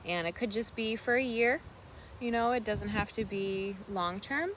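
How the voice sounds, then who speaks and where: A woman vlogging casually outdoors on a farm, talking softly and rambling fondly about her pet ducks. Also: mid-range voice, normal speed, slight background noise. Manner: soft-spoken, meandering, affectionate toward her pets. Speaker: vlogger and duck keeper. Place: outdoors on a rural farm by water.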